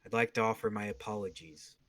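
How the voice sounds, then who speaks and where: Low-voiced man playing a tabletop game, dry sound. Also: fairly bright tone, dry recording. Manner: measured, formal in-character speech. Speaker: player.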